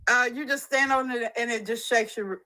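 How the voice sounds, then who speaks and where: A woman from Texas with a Texan accent, calling in with a hesitant, soft manner and many fillers. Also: fairly high pitch, steady tone, normal speed, rough recording. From Houston, Texas. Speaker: caller.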